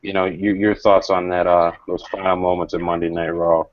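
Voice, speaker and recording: A man hosting a casual panel review, talking calmly and critically with many fillers and pauses. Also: low-pitched, dry recording. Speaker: show host. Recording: dry, dull lo-fi audio.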